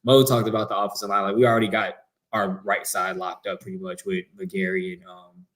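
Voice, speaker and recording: A man's voice: low-pitched, little pitch movement, a bit bright. A man co-hosting a podcast in casual sports chat, talking loosely with many "like"s and agreeing readily. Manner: loose, filler-heavy, quick to agree. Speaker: podcast co-host.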